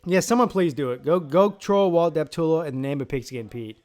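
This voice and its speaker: A man's voice: on the high side, normal speed, a little mellow. A man from South Carolina hosting a live football draft stream, brash, profane and joking in casual commentary.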